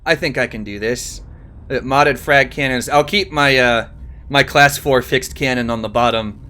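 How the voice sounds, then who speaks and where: Upbeat, bright-voiced male streamer. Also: medium pitch, normal speed. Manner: laughs often, upbeat greetings to guests. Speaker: streamer host. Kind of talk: live-stream gaming chat.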